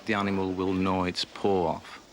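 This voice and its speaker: Deep, flat-voiced man recalling his cancer. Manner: measured and hesitant, with frequent pauses. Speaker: cancer patient recounting his experience. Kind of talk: reflective documentary interview. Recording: noisy 1980s documentary audio.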